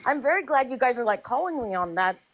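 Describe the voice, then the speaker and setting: A woman's voice: a little high, lively intonation, fast talker, low-quality recording. A woman in a casual live group chat, talking in a flustered, apologetic way with many restarts. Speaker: live stream guest.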